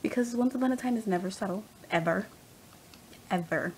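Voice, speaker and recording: A young woman ranting casually as a fan vlogger, animated and rambling, laughing often. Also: on the high side, very fast, a little hiss or hum, rough recording. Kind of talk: casual rant.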